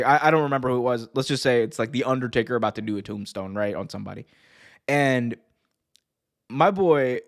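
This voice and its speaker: A man with a mid-range voice hosts a wrestling podcast, chatting casually with excitement and laughter. He stumbles when restarting and shouts out lines commentators made famous.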